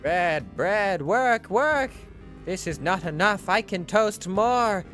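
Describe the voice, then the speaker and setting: A man voicing a frantic female test subject who thinks she is a toaster, yelling in a shrill, manic voice. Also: animated, slow, faint music behind, full character voice. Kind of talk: voiced game reading.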